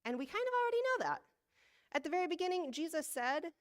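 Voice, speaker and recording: Woman service leader preaching in a relaxed, chatty way, quick to laugh at herself, measured when reading scripture. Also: extremely high pitch. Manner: conversational, self-deprecating, laughs often. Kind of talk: sermon.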